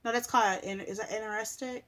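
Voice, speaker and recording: A woman's voice: fairly high pitch, steady tone, fast, fairly bright tone. A woman vlogger in casual chat to camera, rambling with lots of filler words. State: sleepy.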